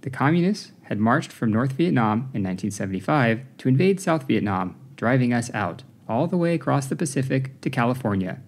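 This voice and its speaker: A man reading an audiobook, narrating in a measured, even way. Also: medium pitch. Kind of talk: scripted narration.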